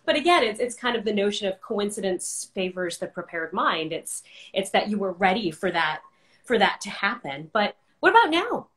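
A woman's voice: medium pitch, expressive, normal speed, a bit bright. A woman hosting a casual interview, reflective and encouraging as she talks. Her voice carries a noticeable room echo. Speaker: podcast host.

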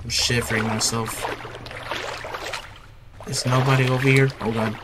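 A man's voice: mid-range voice, flat delivery, unhurried, heavy background noise. A young man giving casual horror game commentary, nervous and jittery, repeating himself and tacking "bro" onto his lines. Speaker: gaming YouTuber.

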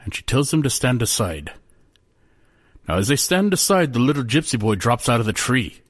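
A man telling a folk tale in a folksy, animated way. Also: mid-range voice, moderate pace. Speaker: storyteller.

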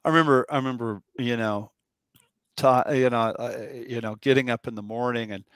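A male host talks in a loose, rambling way, circling back with restarts and quick asides. His voice sits in a middle pitch and sounds close and dry, with little room around it. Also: clear, resonant tone, no echo. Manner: rambling, animated storyteller with many restarts. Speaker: podcast host. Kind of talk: casual conversation.

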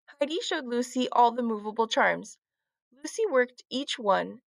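A woman teacher reading a children's book aloud, with clear, expressive storytelling. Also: on the high side, a little slow, no echo.

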